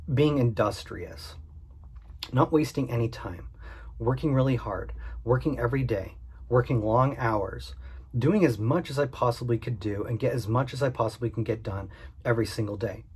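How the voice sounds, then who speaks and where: A man's voice: medium pitch, a little mellow, breathy edge. A man and small business owner speaking earnestly and candidly in a vlog monologue, repeating his points for emphasis. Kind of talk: direct-to-camera vlog monologue.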